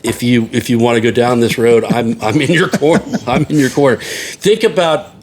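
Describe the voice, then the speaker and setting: A man's voice: mid-range voice, normal speed, slight background noise. A man hosting a casual chat over drinks, joking and swearing, laughing often. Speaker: podcast host.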